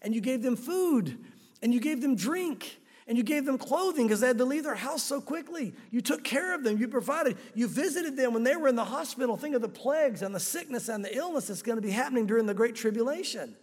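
High-voiced man preaching in a hall. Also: expressive, a little fast. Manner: earnest, speaks directly to listeners with rhetorical questions. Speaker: pastor. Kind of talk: sermon.

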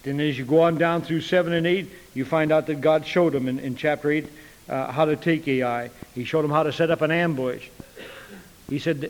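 A man's voice: fairly high pitch, steady tone, moderate pace, in a large hall, poor audio. A man preaching a sermon in a folksy way, acting out the dialogue of the people in his stories. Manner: folksy, acts out dialogue with voices.

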